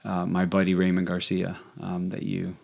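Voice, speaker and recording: Gravelly low-voiced man telling a story. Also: normal speed. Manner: relaxed, with frequent fillers and restarts. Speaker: podcast guest, exercise physiologist. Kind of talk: conversational storytelling.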